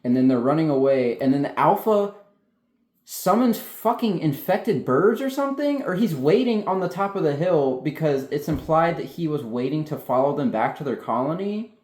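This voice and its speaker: A man talks through a film in casual, excitable chat and swears freely. His voice has a mellow, darker tone. The room adds a noticeable echo. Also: fairly high pitch, normal speed. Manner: excitable, heavy swearing, animated. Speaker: film reviewer, co-host. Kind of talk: casual spoiler review chat. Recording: roomy echo.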